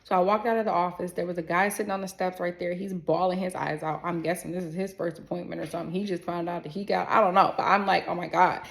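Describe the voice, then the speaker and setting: Gravelly-voiced woman telling a story. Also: on the low side, quick pace, few pauses. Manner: animated storytelling, acts out others, swears freely. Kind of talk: casual storytime vlog.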